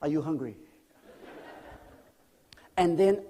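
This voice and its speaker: A man preaching in church with a lively, animated voice pitched a little high. He swings from loud emphatic lines down to near-whispers and keeps asking the congregation questions. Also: takes it slowly, long pauses, slightly rough. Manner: speaks directly to the congregation with questions. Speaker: guest pastor. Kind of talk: sermon.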